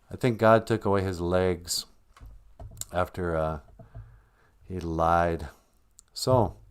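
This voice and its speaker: A man's voice: sits low, clean tone. A man telling a story in a folksy, humorous way with joking asides, hosting a live stream.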